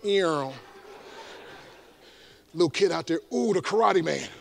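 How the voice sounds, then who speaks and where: Evangelist, high gravelly voice, shouts call-and-response lines at the crowd. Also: male voice, expressive, slow. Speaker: evangelist and motivational speaker. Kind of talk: energetic stage motivational talk. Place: large room before a live audience.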